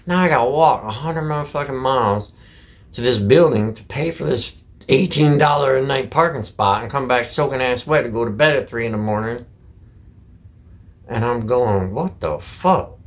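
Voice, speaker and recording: A middle-aged truck driver from Michigan, ranting casually to camera in blunt, heavily profane speech full of folksy slang. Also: male voice, mid-range voice, normal speed. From Michigan, USA.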